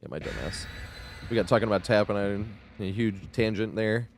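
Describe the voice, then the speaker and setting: A man's voice: on the low side, very animated, moderate pace, a little mellow, slight background noise. Laid-back swearing male game streamer. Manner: loose, laughing, swears freely. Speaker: gaming streamer. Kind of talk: casual live-stream chat.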